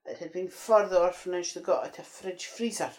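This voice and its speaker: A woman's voice: fairly low pitch, animated, fairly quick, darkish tone, poor audio. Chatty north-east Scottish woman. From north-east Scotland. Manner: chatty, rambling, frequent "aye" and "uh-huh". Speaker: interviewee. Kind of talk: casual reminiscing chat.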